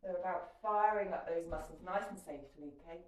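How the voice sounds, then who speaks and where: A woman's voice: fairly low pitch, brisk, slight background noise. A woman leading a kettlebell workout as fitness instructor, giving chatty, encouraging cues. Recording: echoey room, mic at a distance.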